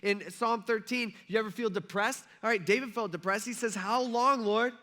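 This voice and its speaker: Bright-voiced male pastor preaching. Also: high voice, fairly quick. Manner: conversational, acts out quotes with rising intensity. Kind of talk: sermon. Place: church sanctuary.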